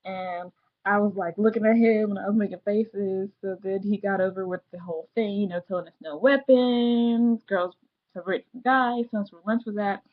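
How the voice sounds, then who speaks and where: A young woman tells a long story straight to camera in a casual, bubbly and rambling way. She talks at a middling pitch and keeps slipping into the voices of the people she quotes. The sound is a little dull and lo-fi. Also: fairly even intonation, moderate pace. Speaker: vlogger.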